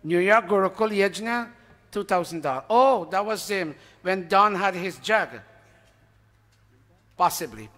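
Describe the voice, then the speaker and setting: This man's voice is high-pitched, bright and forceful, and he takes his time, leaving long pauses. Speaking informally to a temple congregation, he chats his way through a list of donor names, checking with the crowd and owning up when a name slips his mind. The hall around him echoes noticeably.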